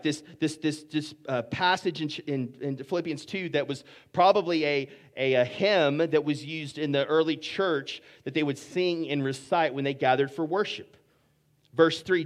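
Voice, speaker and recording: A man preaching a sermon, reading scripture and explaining it in an earnest way, often repeating words as he goes. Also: a little high. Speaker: pastor.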